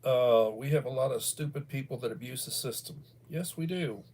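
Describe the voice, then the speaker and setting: A man's voice: medium pitch, steady tone, fairly quick, darkish tone. A middle-aged American man hosting a livestream, talking in a meandering, casual way with many fillers and restarts. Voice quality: bald. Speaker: livestream host. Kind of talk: casual rambling commentary.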